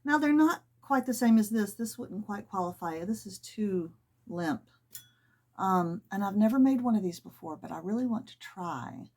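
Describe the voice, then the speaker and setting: A middle-aged woman who vlogs about sewing chats casually at home while working on a project, rambling a little and dropping soft-spoken asides. Her medium-pitched voice has lively intonation and a normal pace.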